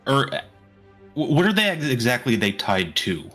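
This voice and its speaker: A man's voice: medium pitch, big pitch swings, moderate pace, a bit bright, faint music behind. A man playing a tabletop game, thinking aloud and hesitating as he plans his moves. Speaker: player.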